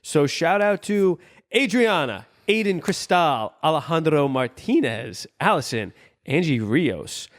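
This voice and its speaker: A man's voice: a little high, very animated, a little slow. A young man co-hosting a podcast in casual, jokey chat, reading out supporter names. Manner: laid-back, jokey, reads out supporter names. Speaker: podcast co-host.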